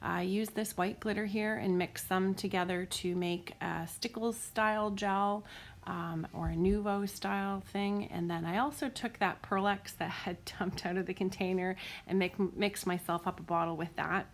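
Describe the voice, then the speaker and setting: A woman's voice: mid-range voice, fairly even intonation, normal speed. Woman chatting thru a craft tutorial, rambly, bit of faint noise behind her. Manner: chatty and rambling, with frequent fillers and self-corrections. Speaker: card-making crafter. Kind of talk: casual craft tutorial narration.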